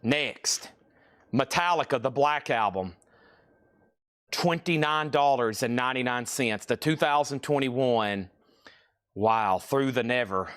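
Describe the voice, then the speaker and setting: A man hosting a live-stream record auction, rattling off prices and bids in quick, playful sales patter. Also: medium pitch, a bit bright, clean tone.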